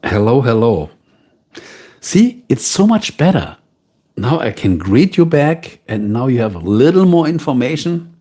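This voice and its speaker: A man with a German accent hosting a livestream and chatting casually with his viewers. He talks slowly and unhurriedly. His voice is mellow and mid-pitched. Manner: relaxed, unhurried, talks directly to chat. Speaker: livestream host.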